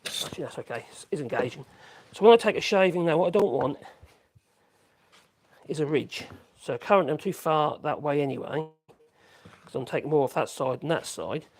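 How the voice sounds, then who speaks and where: A man's voice: a little high, lively intonation, brisk, pauses often. A man talks casually through a woodworking live stream. He rambles, stops to correct himself, and hums little tunes between thoughts. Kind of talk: casual live-stream chat while working.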